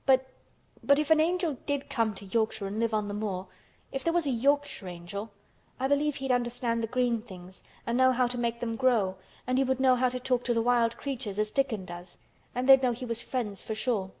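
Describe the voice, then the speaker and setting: A woman's voice: on the high side, brisk, warm tone, close to an everyday voice. A woman voicing a stubborn young girl who speaks plainly and earnestly. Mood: frank.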